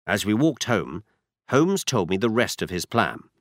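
A man narrating a story in the first person with a measured, expressive reading. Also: on the low side, no echo, clean studio sound. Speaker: audiobook narrator.

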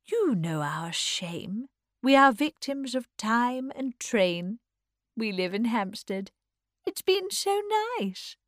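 A woman reading aloud plays an affected society lady who chatters in a theatrical drawl. The voice swoops expressively and the pace is slow and deliberate. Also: a little high, big pitch swings, dry recording, clean studio sound. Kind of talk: audiobook character voice.

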